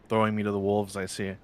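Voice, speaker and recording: Man, streamer, fairly low voice, joking, rambling, casual chat with viewers. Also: a little hiss or hum.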